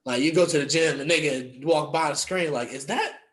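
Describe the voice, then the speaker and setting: Joking young man, slightly high voice. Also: steady tone, brisk. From West Virginia. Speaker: podcast co-host. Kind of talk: casual chat.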